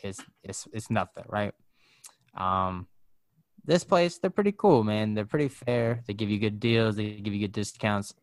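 A man's voice: on the low side, a little slow, no room sound. Laid-back profane man telling a story. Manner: laid-back, profane, full of fillers like "like" and "bro". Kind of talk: casual storytelling. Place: living in Arizona.

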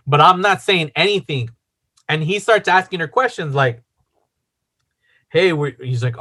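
A man's voice: on the high side, unhurried, pushed and bright. A man casually telling a long personal story, rambling with lots of fillers and swearing.

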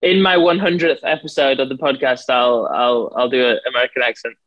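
A man with an English accent, a podcast guest chatting casually, relaxed and a bit hesitant with fillers. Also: medium pitch, brisk, dull audio.

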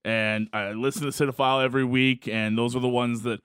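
Smooth-voiced male sports radio host. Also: mid-range voice, level tone, brisk, fairly bright tone, no room sound, clean studio sound. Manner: friendly, joking banter. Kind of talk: casual sports radio chat. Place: radio studio.

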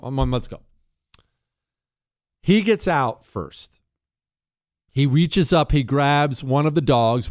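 A man's voice: medium pitch, dry recording, clean studio sound. A man hosting a talk radio show, telling a story with dramatic flair and sound effects, then answering listener questions.

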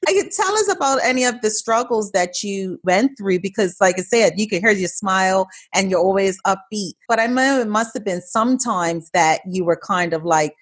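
A woman hosts a relaxed interview, prompting her guest with friendly questions and short affirmations. Her voice is mid-pitched and husky. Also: moderate pace, hardly any pauses. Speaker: interview host. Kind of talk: casual interview.

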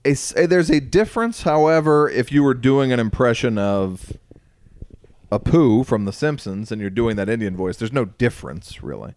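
A man's voice: mid-range voice, expressive, moderate pace, darkish tone, no room sound. A man co-hosting a casual comedy podcast, wry and teasing, talking about running a writers' room. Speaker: podcast co-host, TV show runner.

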